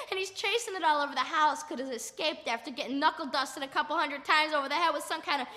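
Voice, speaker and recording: A woman telling a profane spoken-word story, breathless and building up to yelling. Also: high-pitched, fast, few pauses. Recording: long hall reverb.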